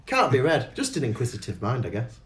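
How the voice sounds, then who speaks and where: A man's voice: mid-range voice, huge pitch swings, brisk. A man hosting a podcast, talking in a rambling, self-mocking way and laughing often. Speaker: podcast host. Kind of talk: casual chat.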